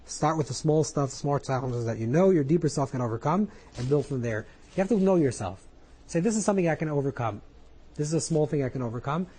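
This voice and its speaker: A man's voice: on the high side, animated, quick pace, warm tone, husky, poor audio. A man, a rabbi, giving an earnest spoken Torah class, coaching listeners through their inner voices with frequent repetition.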